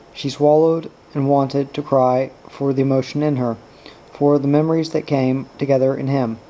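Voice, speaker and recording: A man narrating a novel aloud in a steady, even way. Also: mid-range voice, rough recording. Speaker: audiobook reader. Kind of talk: novel reading.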